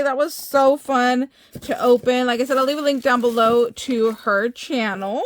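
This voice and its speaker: A middle-aged woman chatting excitedly as she opens craft mail, gushing over each item. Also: a little high, a little slow. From United States. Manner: gushing, excitable, many exclamations. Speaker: crafting vlogger opening happy mail. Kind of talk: casual chat.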